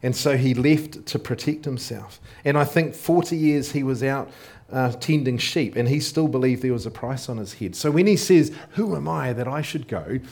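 A preacher gives his sermon in a relaxed, chatty manner, often checking in with the congregation through rhetorical questions. He sounds loose and unscripted, thinking aloud with small fillers and restarts. His voice is mid-range, at a normal speed with few pauses.

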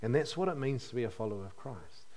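A man's voice: medium pitch, lively intonation, fast, darkish tone. A man preaching a sermon in a conversational way, asking his listeners questions and adding light humor.

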